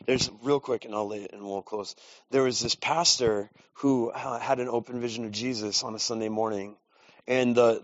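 A man's voice: medium pitch, dry recording. A man preaching in a casual, storytelling way, with self-deprecating asides. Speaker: pastor. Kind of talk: sermon. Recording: dull lo-fi dry recording.

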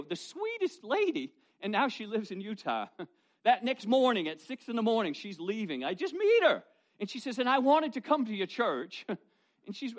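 A middle-aged male pastor preaching a sermon, telling folksy personal stories in an animated way. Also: high-pitched. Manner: storytelling, animated, folksy asides.

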